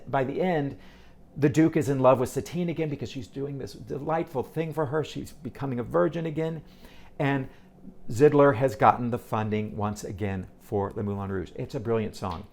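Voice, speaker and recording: A man reviewing a stage musical in a casual, animated way, with exasperated asides and quick restarts. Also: mid-range voice. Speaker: theater reviewer.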